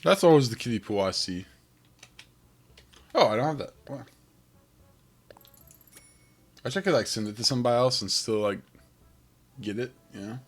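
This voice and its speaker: A man chatting casually as he plays a game, with a rough morning voice, rambling and thinking aloud. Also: mid-range voice, lively intonation, moderate pace, pauses often, faint music behind. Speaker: game streamer. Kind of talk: casual gameplay commentary.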